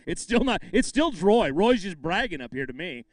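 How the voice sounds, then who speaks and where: A man's voice: high voice, sing-song, normal speed, no room sound. A man emceeing a live fishing tournament weigh-in, bantering with anglers and calling out the weights with bursts of hype.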